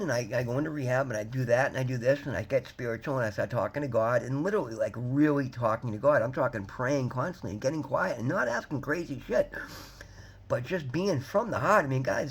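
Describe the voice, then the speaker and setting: Fast-talking husky man in his fifties. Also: mid-range voice. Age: 50s. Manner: rambling, emphatic, addresses viewers as guys. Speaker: vlogger. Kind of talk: candid personal talk to camera.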